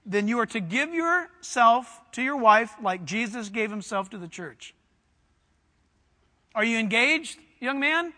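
A male preacher with a very high, bright voice that rings through a long hall reverb. He presses his congregation with direct questions and climbs into fervent shouting. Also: animated, unhurried. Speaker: pastor. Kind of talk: sermon.

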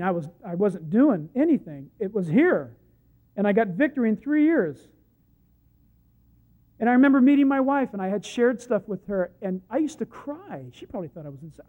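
A male preacher giving a sermon, emphatic, swinging from hushed asides to loud points and acting out the scripture stories he tells. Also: high voice. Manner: acts out the Bible quotes he tells. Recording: muffled lo-fi recording.

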